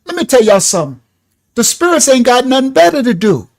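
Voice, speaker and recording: A man's voice: extremely high pitch, sing-song, brisk, vocal fry, a little mellow. A man preaching casually, telling a story in slangy street talk, laughing often and swinging his voice up and down.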